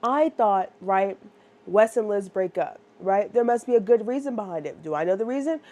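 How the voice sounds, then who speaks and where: A woman reviewing a book in a loose, chatty way, piling up asides and quick check-ins with her audience. Her voice sits at an ordinary pitch with a warm, mellow tone. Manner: animated, rambling, lots of "like" and "right?".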